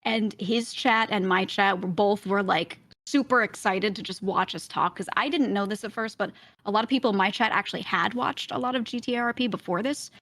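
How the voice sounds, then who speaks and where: A woman's voice: medium pitch, fairly quick, fairly bright tone, dry recording. Chatty young woman, light Brooklyn accent. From Brooklyn, New York. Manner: chatty storytelling, often laughing, many fillers. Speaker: streamer and roleplayer, interview guest. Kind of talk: casual interview chat.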